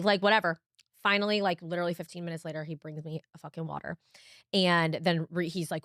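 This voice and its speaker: A young woman co-hosting a podcast, telling a story in a casual, animated way, swearing a lot and saying "like" often. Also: on the low side, a little fast, no echo, studio quality. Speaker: podcast co-host.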